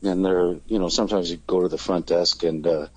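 A man's voice: deep voice, steady tone, a little fast, darkish tone, breathy edge, dry recording, rough recording. A man, a touring band's singer, chatting casually in an interview and rambling with many fillers and restarts. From Canada.

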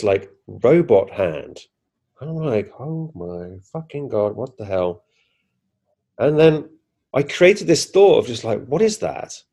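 A man's voice: medium pitch, darkish tone, husky. A man, a podcast guest animatedly retelling a personal experience, acting out his own reactions with frequent restarts. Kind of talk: casual first-person storytelling.

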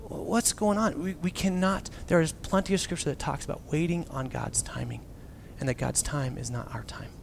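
Male pastor, sermon delivery, a bit higher-pitched, casual jokey preaching, loud then hushed, faint noise behind. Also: brisk, gravelly, few pauses. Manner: animated, swings from loud to near-whisper, acts out quotes.

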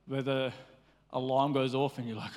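A man preaching a sermon in a lively, conversational way, slipping into playful acted asides. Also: mid-range voice, normal speed, in a large hall. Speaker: pastor.

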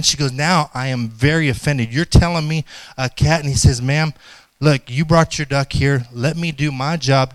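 Smooth-voiced man preaching a sermon. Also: medium pitch, dry recording. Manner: storytelling, slows down for emphasis. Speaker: pastor. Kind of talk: sermon with a joke and scripture reading.

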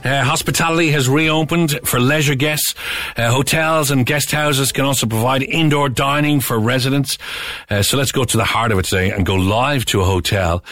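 A man's voice: medium pitch, a bit bright. A man presenting a radio show in a chatty manner, with wry asides. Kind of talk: casual radio chat.

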